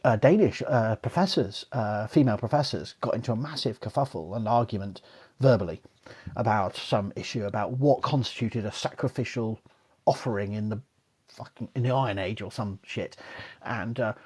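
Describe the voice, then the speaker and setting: A middle-aged archaeologist hosts a casual live-stream Q&A, rambling, swearing, and drifting into asides peppered with "you know." His voice is husky and darkish, fairly low, at a moderate pace.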